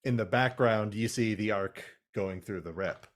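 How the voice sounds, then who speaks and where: A man's voice: fairly low pitch, normal speed. A man co-hosting a podcast, casually recapping a cartoon with crude jokes and frequent laughter. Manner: laughing, crude jokey retelling. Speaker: podcast co-host.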